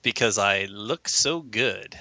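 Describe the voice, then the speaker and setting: A man's voice: lowish voice, animated, slow pace, pushed and bright, a little hiss or hum. A man in his fifties, a guest artist, chatting casually on a live stream and making dry jokes. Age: 50s. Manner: dry, joking.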